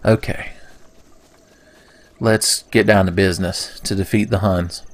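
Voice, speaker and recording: A man's voice: deep voice, fairly even intonation, measured pace, pauses often. A young man doing casual let's play commentary, rambling into goofy, profane rants. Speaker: gaming commentator.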